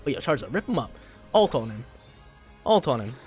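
Excitable young man commentating gameplay. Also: medium pitch, brisk, soft background music. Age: young adult. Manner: excitable, slangy, bursts into loud hype. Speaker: gaming video creator.

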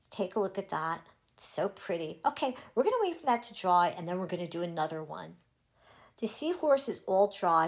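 A woman's voice: on the low side, gravelly. A woman hosting a craft tutorial, cheerfully talking viewers through each step. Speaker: crafting channel host.

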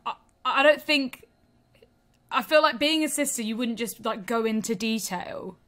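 Woman host, fairly high and bright voice, exclamatory, swears freely. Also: moderate pace. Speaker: podcast host. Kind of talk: casual chat.

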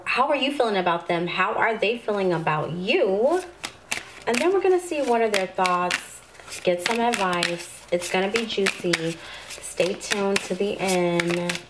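A woman doing a tarot reading to camera, calm and spiritual, with sudden excited outbursts. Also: medium pitch, background noise. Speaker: tarot reader.

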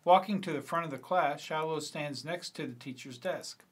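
A man's voice: a little high, normal speed, breathy edge. Middle-aged man reading his screenplay. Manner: casual reading with fillers and self-corrections. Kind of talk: screenplay read-through.

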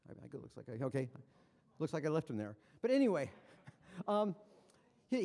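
A man gives a conference lecture in a high-sitting voice with a dark tone. He is enthusiastic and conversational, slipping in wry asides, and a long reverb trails off his words in the large hall.

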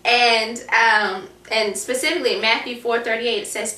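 A woman's voice: a little high, fairly even intonation, moderate pace, bright, forceful tone, echoey room, distant mic, a little hiss or hum. A young adult woman hosting a faith-based talk show, speaking earnestly and prayerfully with many fillers. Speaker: host.

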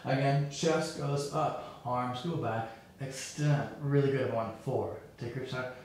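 A man leading a yoga class, giving calm, encouraging cues and counting through the poses. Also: medium pitch, a little slow, slight background noise. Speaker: yoga instructor. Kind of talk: guided yoga class instruction. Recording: very echoey room.

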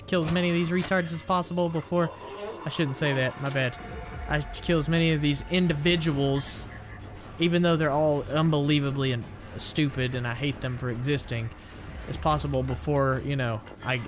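A young man casually commenting as he plays a video game, rambling, joking at his own expense and blurting out his frustration. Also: on the high side. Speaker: gamer playing through a shooter. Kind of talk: casual let's-play commentary. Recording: game music playing behind.

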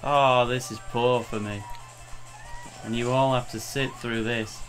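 A man's voice: medium pitch, level tone, unhurried, a bit bright, faint music behind. A young man co-hosting a let's play, chatting casually and exclaiming at the game. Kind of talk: casual group gaming chat.

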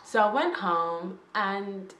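A young woman, telling a storytime vlog tale in animated, slangy talk with laughs. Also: medium pitch, takes it slowly. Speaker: vlogger. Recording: roomy echo.

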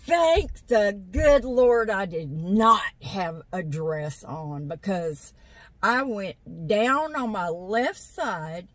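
A woman's voice: medium pitch, dry recording, low-quality recording. A woman, chatting to her viewers from a parked vehicle, rambling through stories and laughing often. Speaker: vlogger. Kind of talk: casual chat to viewers. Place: parked vehicle in a parking lot. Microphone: phone on a stand.

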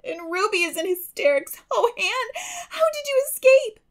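A woman's voice: completely flat delivery, very slow, sharp tone, heavily acted. A woman voicing a frantic young girl who is crying and gasping with relief, in an audiobook reading. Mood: tearful relief. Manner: high, sobbing, breathless gasps. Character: weeping, hysterical young girl. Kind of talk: audiobook character voice.

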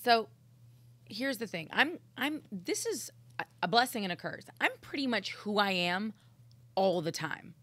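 A woman's voice: medium pitch, big pitch swings, measured pace, a bit bright. A woman who co-hosts a podcast and a morning radio show, talking in an intense, blunt, profane way in a casual chat. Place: studio.

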